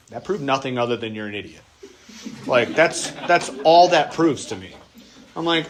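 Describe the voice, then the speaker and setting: Male pastor, conversational workshop teaching, acts out quoted voices, medium pitch. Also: a little fast, a bit bright.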